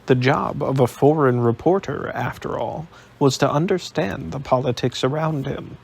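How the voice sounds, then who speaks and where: A male audiobook narrator with a gravelly, husky voice sitting at a middling pitch. He tells the story at a steady, even pace. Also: normal speed.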